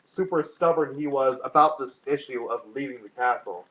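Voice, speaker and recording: A man's voice: medium pitch, moderate pace. A young man co-hosting a casual vlog chat, rambling with lots of fillers and swearing freely. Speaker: vlog co-host. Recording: dull lo-fi sound.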